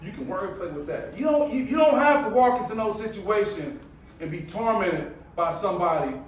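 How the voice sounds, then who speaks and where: A man giving an energetic, casual motivational presentation, calling out to the crowd in a preacher-like way. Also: high voice, normal speed, recorded from a distance, slight background noise. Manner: energetic, preacher-like call and response; casual, colloquial phrasing. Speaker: motivational speaker. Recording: very echoey room, picked up from afar.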